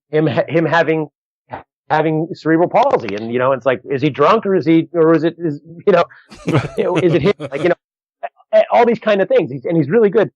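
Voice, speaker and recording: Rambling comedian on a dull video call. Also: male voice, a little high, dry recording. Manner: rambling, animated, restarts often, acts out quoted exchanges. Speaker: comedian guest. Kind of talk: casual podcast interview storytelling.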